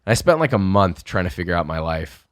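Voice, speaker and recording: Deep-voiced young man, dry close sound, animated storyteller who swears a lot. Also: fast talker, no room sound. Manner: animated, swearing, acts out quotes. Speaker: podcast guest. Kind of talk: casual storytelling.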